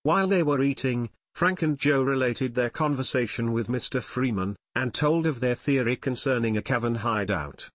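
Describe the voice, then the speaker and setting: A man narrating an unabridged audiobook in a steady storytelling manner on a close mic. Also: mid-range voice, normal speed, hardly any pauses, no echo. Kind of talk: scripted narration.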